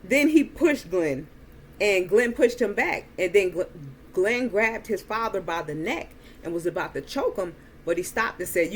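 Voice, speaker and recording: A woman recapping a movie in a casual, slow way, with frequent ums. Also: mid-range voice, animated, slight background noise. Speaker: movie reviewer.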